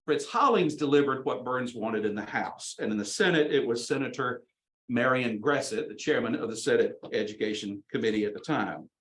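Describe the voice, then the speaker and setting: A man's voice: mid-range voice, moderate pace, a bit bright, a little hiss or hum, poor audio. A man giving a history lecture, stressing key words and dates by repeating them. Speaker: guest lecturer.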